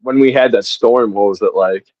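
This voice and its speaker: A laid-back man from the northern United States, chatting as a podcast guest with a lowish voice and an easy laugh. His sound is dry and a little dull, with no room around it. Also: moderate pace, a little mellow, no room sound. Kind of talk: casual chat.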